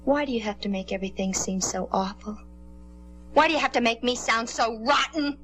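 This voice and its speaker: A woman's voice: fairly high pitch, lively intonation, unhurried, a bit bright, soft background music. An actress playing a troubled teenage girl in a 1950s television drama, pleading and insisting on her innocence. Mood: defensive, pleading. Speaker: daughter accused of starting fires.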